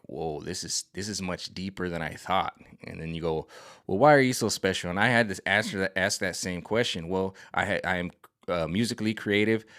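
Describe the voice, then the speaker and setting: Rambling, excitable man with a low voice. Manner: rambling and excitable, with many restarts and stammers. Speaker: vlogger. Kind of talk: casual spiritual rant to camera.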